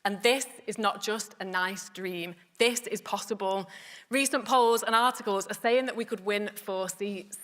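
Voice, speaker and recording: A woman's voice: mid-range voice, unhurried, a bit bright. A woman with a Bolton accent giving a rousing conference speech on stage, introducing the next speaker with light jokes. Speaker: party politician introducing a speaker. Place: large conference hall on stage. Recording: long hall reverb, faint crowd.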